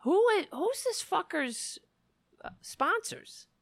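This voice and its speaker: A woman vlogger angrily ranting in reaction to a news clip, swearing often and breaking off into halting restarts. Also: very high voice, big pitch swings, no echo. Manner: indignant, profane, halting restarts. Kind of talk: angry reaction rant.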